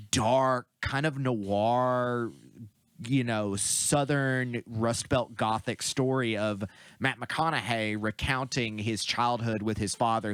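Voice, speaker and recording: A man's voice: medium pitch, no room sound. Easygoing man summarizing a movie, dry sound. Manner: relaxed, conversational plot summary with fillers. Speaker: podcast co-host. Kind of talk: casual movie chat.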